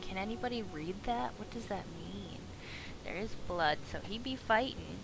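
Woman streamer at middle pitch, excitable and profane, game music clearly behind. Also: moderate pace, low-quality recording. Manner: excitable, swears, talks to the game characters. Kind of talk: live gameplay commentary.

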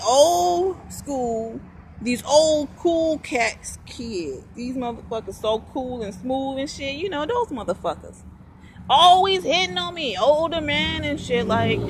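Slow, high-voiced woman musing aloud. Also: lively intonation, sharp tone, a little hiss or hum. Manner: meandering, repetitive, swears freely. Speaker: vlogger. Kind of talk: rambling spiritual monologue.

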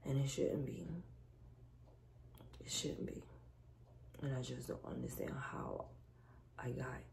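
A stressed, exhausted woman venting to her vlog viewers in a weary, halting way. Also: a bass voice, big pitch swings, vocal fry, darkish tone, whispered. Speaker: vlogger.

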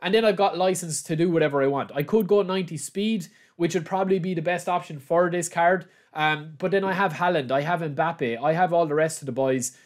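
A man runs a gaming channel and commentates live on his own match, yelling at the action and calling his viewers lads. His voice sits a little high, and he talks briskly with almost no pauses.

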